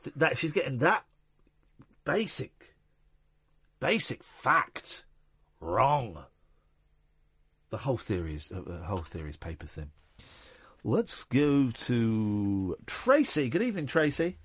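A man in his forties hosting a late-night phone-in, talking casually with halting restarts. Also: medium pitch, wildly swooping pitch, fairly bright tone, breathy edge, no echo. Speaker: radio phone-in host. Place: radio studio. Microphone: studio mic.

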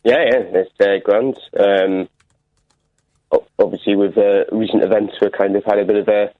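A man's voice: fairly low pitch, steady tone, normal speed, dry recording. A man in his thirties on a phone line to a radio show, speaking hesitantly with many fillers.

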